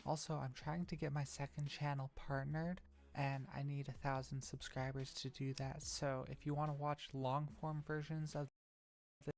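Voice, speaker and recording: Low-voiced woman, gravelly, promo intro, soft music behind. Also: level tone, moderate pace. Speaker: streamer. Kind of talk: video intro voice-over.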